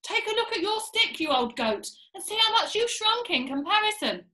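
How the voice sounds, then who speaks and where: A woman's voice: fairly high pitch, lively intonation, normal speed, close to an everyday voice. A woman voicing a nasty, gloating old man in a storybook read-aloud, taunting and mocking. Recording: echoey room.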